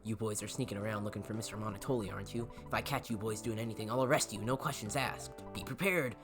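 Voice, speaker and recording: A man's voice: fairly low pitch, fast talker, lightly acted. A stern, crooked city cop as voiced by a man, speaking as a threat and a warning. Game music runs behind his lines. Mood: threatening.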